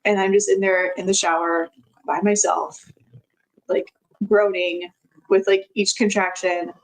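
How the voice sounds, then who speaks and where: A woman's voice: medium pitch, flat delivery, a little slow, rough recording. A woman telling a personal story as a podcast guest, in a chatty way with frequent laughs and many filler words.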